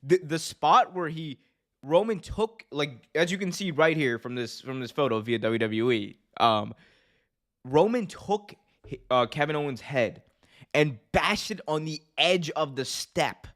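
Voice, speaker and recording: A man hosting a podcast, casually recapping a wrestling event in an energetic storytelling way with many fillers and restarts. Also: on the high side.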